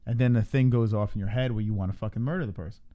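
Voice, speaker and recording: A young man chatting on a livestream in a loose, profane way. He laughs easily and flips into a high voice whenever he quotes someone. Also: fairly even intonation, racing, highs cut off. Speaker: livestream co-host. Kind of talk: casual livestream chat.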